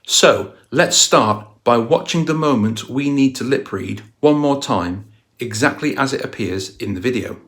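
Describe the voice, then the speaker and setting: A man's voice: mid-range voice, a little slow, fairly bright tone. A man hosting a music channel, walking through a music video scene by scene and explaining it. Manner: storytelling, analytical walkthrough. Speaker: guitar channel host.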